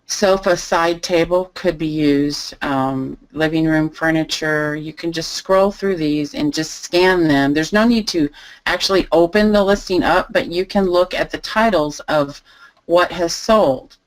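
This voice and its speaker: Woman, live online tutorial, relaxed and thinking aloud, unhurried, slightly low voice. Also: poor audio. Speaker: online selling instructor. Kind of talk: live screen-share tutorial.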